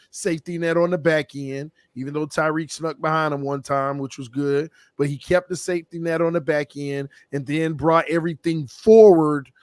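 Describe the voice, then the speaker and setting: A man's voice: fairly high pitch, no room sound, studio quality. A man, losing his voice, giving an emphatic, slangy take in a casual sports debate as a roundtable panelist. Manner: emphatic, slangy, fast bursts. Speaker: roundtable panelist, team fan.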